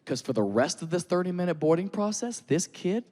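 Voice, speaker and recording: A man doing stand-up on stage, telling crude stories at a quick clip. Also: sits high, very animated, darkish tone, big-room sound. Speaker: stand-up comedian. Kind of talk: stand-up routine. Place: comedy stage with live audience.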